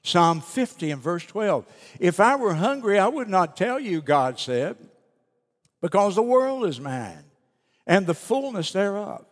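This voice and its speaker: Guy preaching in a church, kinda high voice, big echo, leans hard on words then goes quiet. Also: very animated. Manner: emphatic preaching, slowing and dropping soft on key phrases. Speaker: pastor. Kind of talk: sermon. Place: church sanctuary. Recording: long reverb of a church hall.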